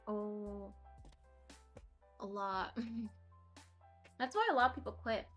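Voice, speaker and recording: Brief: young woman guest, slow easygoing delivery, chatty, quick to laugh. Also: medium pitch, steady tone, a bit bright, faint music behind. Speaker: streamer guest. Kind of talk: casual interview chat.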